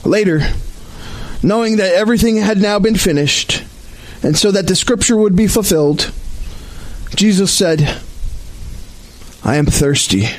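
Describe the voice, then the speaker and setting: A man with a notably high voice leads worship as pastor at an outdoor service. He reads the scripture slowly and solemnly, giving each phrase careful weight. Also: poor audio. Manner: slow, measured, solemn reading. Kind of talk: liturgical scripture reading.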